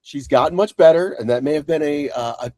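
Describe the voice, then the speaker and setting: Podcast dude telling stories, swears a lot, dry sound. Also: male voice, fairly high pitch, fairly quick, no echo. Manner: animated storyteller, swears freely. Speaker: podcast co-host. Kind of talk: casual chat.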